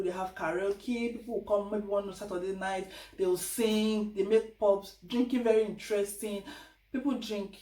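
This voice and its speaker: Nigerian lady vlogging casual tips, chatty, voice a bit far off the mic in a roomy space. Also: medium pitch. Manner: chatty, animated, quotes others in voices. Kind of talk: casual advice vlog. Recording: echoey room, distant mic.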